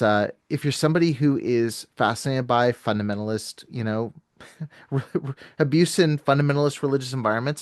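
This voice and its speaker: A man's voice: mid-range voice, dry recording, clean studio sound. A man from California who is a guest on a podcast, chatty and self-deprecating, joking and telling side stories. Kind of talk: casual podcast conversation.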